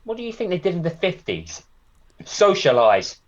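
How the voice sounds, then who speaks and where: A young man with a Yorkshire accent chats casually as a podcast co-host. He tells lively, jokey stories. The sound is slightly dull and lo-fi. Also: sits high, moderate pace. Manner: animated, jokey storyteller. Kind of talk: casual chat.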